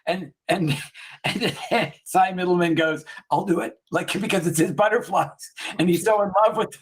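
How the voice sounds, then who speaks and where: A man's voice: high-pitched, normal speed, breathy edge. A man co-hosting a casual chat who rambles through a comedy retelling, laughing often and acting out the lines. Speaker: podcast co-host.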